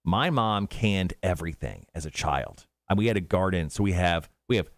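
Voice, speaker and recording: A man's voice: low voice, lively intonation, normal speed, no echo. A man hosting a morning radio show at a studio mic, joking and rambling playfully.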